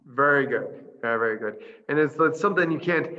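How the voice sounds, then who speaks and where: A middle-aged man, a priest, chatting casually over a video call and patiently teaching a short phrase, slowing down to spell out each sound. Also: mid-range voice, animated, dull audio. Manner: warm, chatty, laughs easily, slows down to spell out sounds. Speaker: priest and missionary guest.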